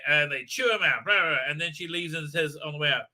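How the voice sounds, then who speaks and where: A male host recapping a TV episode on a live stream in heated, indignant casual talk, full of halting restarts. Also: a little high, sharp tone. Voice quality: frequent filler sounds and restarts, heated, indignant. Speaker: show host.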